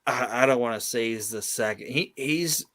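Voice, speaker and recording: A man's voice: medium pitch, sharp tone, no room sound. A man hosting a podcast, telling a story in a profane, emphatic casual chat. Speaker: podcast host.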